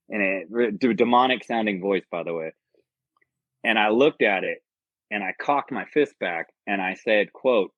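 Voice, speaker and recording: This American man is an army veteran guesting on a podcast, and he recounts a personal story with earnest, profane rambling. He speaks at a measured pace in a lower register, with no echo, captured in dull lo-fi podcast audio.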